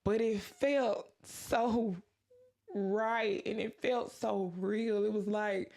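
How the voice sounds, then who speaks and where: A woman's voice: mid-range voice, steady tone, extremely slow, gravelly, darkish tone. A woman hosting a podcast, sharing a personal faith testimony in an earnest, emotional way and acting out her own past words. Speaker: podcast host.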